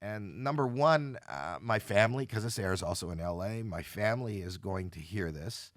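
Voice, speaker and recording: Older guy with a deep voice telling his story all dramatic, doing everyone's voices, dead dry mic. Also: expressive, moderate pace, no room sound. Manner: emotional, dramatic retelling with quoted voices. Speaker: podcast guest. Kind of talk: candid storytelling.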